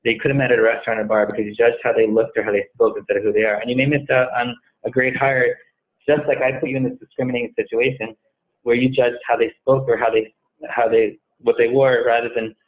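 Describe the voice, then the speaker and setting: Fast-talking man on a tinny line. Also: mid-range voice. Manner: animated, acts out dialogue in retold conversations. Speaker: guest, staffing company head. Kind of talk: storytelling interview answer.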